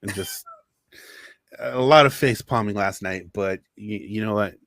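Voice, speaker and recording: Low-voiced stammering man co-host. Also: lively intonation, measured pace, fairly bright tone, no room sound, clean studio sound. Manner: stammering, wry asides. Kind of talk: casual podcast chat.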